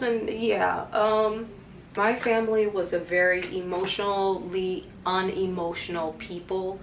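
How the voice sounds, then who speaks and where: A woman talking directly to viewers, giving earnest faith-based advice on healing, with lively asides. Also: medium pitch, reverberant, a little hiss or hum. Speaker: life advice vlogger. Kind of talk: casual faith-based self-help talk.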